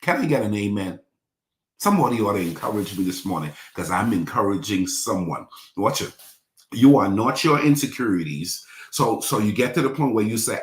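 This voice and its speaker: A man with a fairly low voice preaches to his congregation, circling back over his points and asking them to say lines with him. The sound carries the echo of a roomy church. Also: animated, moderate pace. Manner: repetitive, call-and-response preaching. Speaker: pastor. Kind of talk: sermon.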